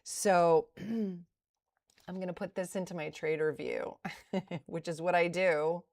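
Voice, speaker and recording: A woman's voice: fairly low pitch, slow, gravelly, darkish tone. A middle-aged woman streaming her day trading, thinking aloud in a casual, self-deprecating way as she reviews her trades at a home desk. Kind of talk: casual livestream commentary.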